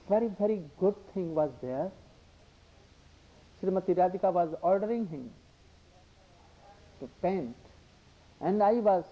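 An older man giving a devotional discourse, halting and repetitive, slipping into Hindi asides. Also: on the high side. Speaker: religious speaker. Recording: dull lo-fi recording.

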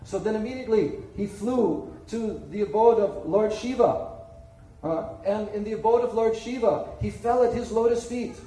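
A man's voice: high voice, moderate pace, warm tone. A man giving a sermon, telling a sacred story dramatically and checking in with listeners. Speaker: spiritual speaker. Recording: echoey room, distant mic, faint ambience.

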